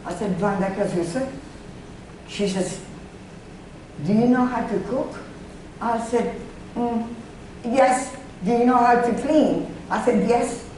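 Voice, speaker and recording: A woman's voice: mid-range voice, warm tone. Older woman recalling the war, far off in an echoey room. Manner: halting, repeats words while recalling, emotional. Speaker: Holocaust survivor speaking to students. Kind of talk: personal testimony to a student audience. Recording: echoey room, mic far off, faint noise.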